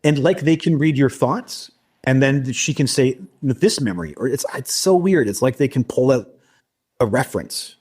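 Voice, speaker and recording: A man recounting a personal experience in a halting, casual interview style, with frequent restarts. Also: mid-range voice, a little mellow, husky. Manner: halting, many restarts and fillers. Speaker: guest recounting an abduction experience.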